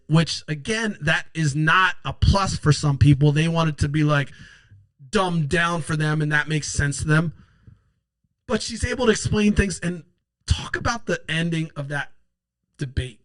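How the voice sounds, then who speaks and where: Male political commentator, slightly high-pitched, blunt and profane, impassioned delivery, dry close sound. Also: normal speed, a bit bright, dry recording, rough recording.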